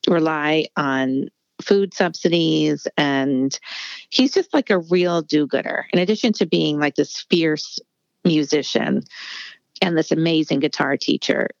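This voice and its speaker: A woman's voice: low-pitched, unhurried, creaky, no echo, highs cut off. A middle-aged woman author speaking candidly in a casual interview, rambling with many fillers. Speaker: author guest.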